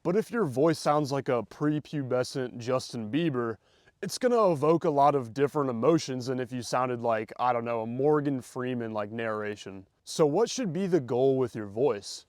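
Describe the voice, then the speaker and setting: A young man giving casual, confident dating advice straight to the listener, loose and slangy, sometimes showing how to slow his delivery down. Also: medium pitch, expressive, a little mellow, no echo, studio quality. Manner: demonstrates slow versus rushed delivery. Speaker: dating coach. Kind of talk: direct-to-camera advice monologue.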